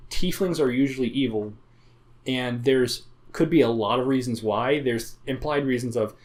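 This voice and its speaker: A man's voice: mid-range voice, normal speed, a little mellow. A man co-hosting a casual podcast about tabletop games, rambling with frequent fillers and restarts and plenty of swearing. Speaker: podcast co-host.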